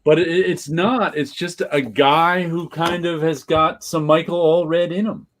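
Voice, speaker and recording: A man's voice: a little high, steady tone, a little slow, fairly bright tone. A man co-hosting a podcast, chatting casually about comics in a rambling way, often repeating phrases to hear how they sound. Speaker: podcast co-host.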